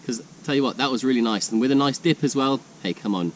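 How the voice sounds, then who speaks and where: A man's voice: medium pitch, fast. Brief: host, man, easygoing sign-off voice, faint outdoor noise. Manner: friendly, relaxed, interviewing. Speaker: channel host. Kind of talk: casual vlog chat. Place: outdoors in woodland.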